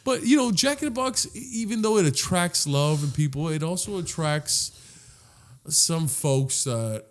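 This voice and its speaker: Animated storytelling man. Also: a little high, a little slow. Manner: animated storyteller, acts out voices, swears freely. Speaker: podcast co-host. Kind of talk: casual chat.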